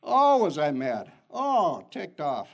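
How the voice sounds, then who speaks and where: An older man who is a pastor, giving an animated sermon full of personal stories that jump in pitch. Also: slow pace, gravelly. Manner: animated storytelling with sudden pitch jumps and chuckles.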